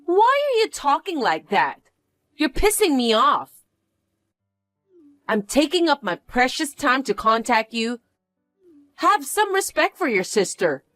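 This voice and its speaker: Casting: a woman doing a shrill, boastful young stepsister, lively swoops, slow delivery, dry close sound. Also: dry recording, faint music behind, exaggerated voice. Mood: scornful. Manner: high, smug and demanding. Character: bratty vain young stepsister, boastful and rude.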